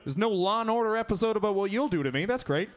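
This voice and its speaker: A man's voice: high voice, animated, fast talker. A young man doing stand-up comedy on a club stage, chatting with the crowd and laughing between jokes.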